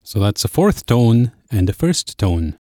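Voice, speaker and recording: A man's voice: medium pitch, very animated, a little slow, warm tone, no echo, clean studio sound. A man teaching a podcast language lesson, explaining patiently step by step.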